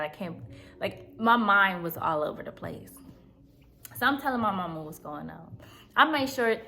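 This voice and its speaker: A woman's voice: medium pitch, gravelly, fairly bright tone, a little hiss or hum. A woman in her thirties from Southern California, telling her own life story to her viewers in a chatty, confiding way and often checking in with them. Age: 30s. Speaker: vlogger. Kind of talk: personal story time.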